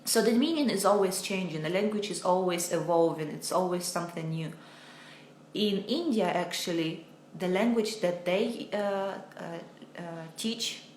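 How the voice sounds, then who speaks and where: A woman's voice: lowish voice, a little mellow, slight background noise. Hesitant woman teacher, roomy echo. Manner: hesitant, many filler sounds, reads viewer comments aloud. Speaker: English teacher. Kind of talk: live online Q&A lesson.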